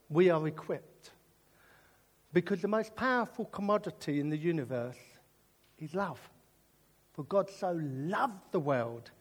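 Lively, high-voiced British preacher. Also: male voice, breathy edge. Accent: British English. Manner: animated and jokey, drifting into earnest preaching. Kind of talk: sermon with comic storytelling.

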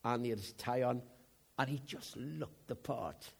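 A man preaching a sermon in a conversational way, dropping to hushed asides and rising to loud, emphatic bursts. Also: medium pitch, a little slow, gravelly, breathy edge.

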